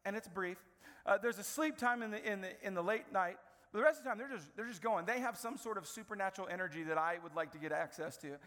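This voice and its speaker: A male pastor in his thirties with a high, light voice preaching to a congregation. He tells family stories with animated energy and acts out each scene. His words ring out with a long hall reverb. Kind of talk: sermon.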